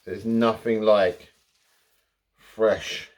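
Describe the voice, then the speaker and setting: A man's voice: lowish voice, flat delivery, drawn-out words, far from the mic. A man hosting his own cooking channel, talking to camera in a chatty, rambling way with jokey asides. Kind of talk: casual cooking vlog.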